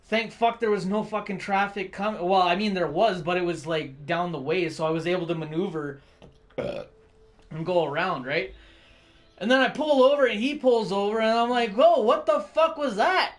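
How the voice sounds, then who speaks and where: High-voiced man ranting, swearing a lot. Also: moderate pace. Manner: profane, rambling, heavy on fillers. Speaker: live streamer. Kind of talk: casual rant.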